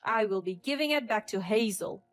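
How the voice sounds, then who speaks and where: A woman's voice: mid-range voice, expressive, normal speed, close to an everyday voice. Stern uncle, as a woman narrator puts him on. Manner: firm, commanding. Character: stern protective older male uncle.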